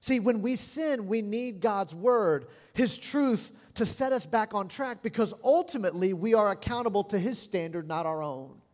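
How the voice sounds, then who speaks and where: A middle-aged man preaching a sermon as pastor, animated and expressive, lively in his delivery. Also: high voice, normal speed, few pauses. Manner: animated preaching, lively mimicry of scolding parents. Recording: long hall reverb.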